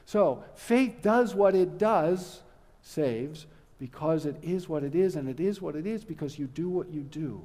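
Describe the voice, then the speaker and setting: A middle-aged man delivers a conference lecture, earnest and emphatic with the odd wry aside. His voice sits a little high, and his words ring out through the long reverb of a church hall. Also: expressive, a little slow, mellow.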